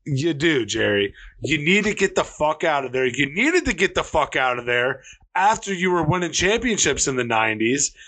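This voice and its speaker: A man's voice: a little high, big pitch swings, normal speed, pushed and bright. A man hosting a casual sports podcast, ranting heatedly and swearing freely. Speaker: podcast host.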